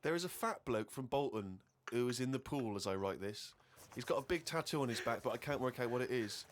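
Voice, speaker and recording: A man's voice: mid-range voice, fairly quick. Dry man reading a diary aloud. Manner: dry, deadpan reading, bursts into laughter. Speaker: co-host.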